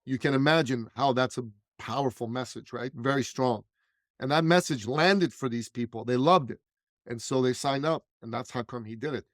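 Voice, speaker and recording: A man's voice: mid-range voice, moderate pace, no room sound. Emphatic male business coach, dry sound. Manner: emphatic, punchy repetition. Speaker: guest, business coach and speaker. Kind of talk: animated storytelling in conversation.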